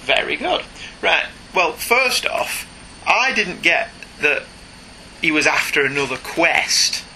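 A man's voice: on the high side, takes it slowly. A British man chatting casually and jokingly as a podcast co-host discussing comics. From Britain. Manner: chatty, jokey, animated.

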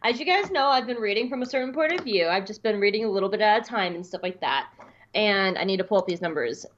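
A woman co-hosting a podcast, telling a story in a casual, excitable, gushing way. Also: mid-range voice, fast talker, lo-fi sound. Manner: excitable, gushing, breaks into squeals. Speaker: podcast co-host.

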